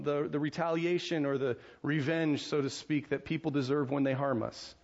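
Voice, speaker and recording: A man's voice: a little high, muffled recording. An American man preaching a sermon as pastor, conversational, with frequent restarts and rhetorical questions to the congregation. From United States.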